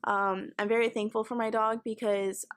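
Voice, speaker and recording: A woman's voice: a little high, level tone, normal speed, clean tone. A young woman telling a frightening story from her life on her vlog, casual and emotional, swearing often. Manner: swearing, emotional retelling with fillers. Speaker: vlogger.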